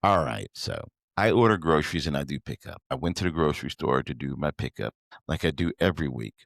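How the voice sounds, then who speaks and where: A man's voice: extremely low pitch, lively intonation, a little fast, vocal fry, no room sound, clean studio sound. A man hosting a podcast, giving a motivational business talk in an emphatic, preachy way and addressing listeners directly. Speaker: podcast host.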